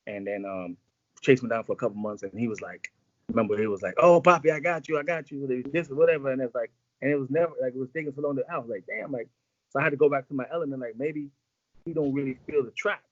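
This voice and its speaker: A man's voice: mid-range voice, fast, no echo, muffled recording. A man in a casual interview, telling long rambling stories full of slang and acted-out quotes. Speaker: music executive guest.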